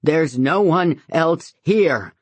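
A woman's voice: deep voice, animated, very slow, husky, dry recording, pitched above the performer's own voice, heavily acted. A woman doing a wild, grief-stricken father. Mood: anguished. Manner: wild, accusing shouting. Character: grief-stricken man, father demanding answers.

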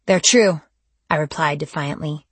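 Woman narrator as a sharp, defiant teen heroine, low husky voice, dry recording. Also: level tone, a little fast, no room sound. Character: defiant teenage girl vampire hunter. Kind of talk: audiobook dialogue.

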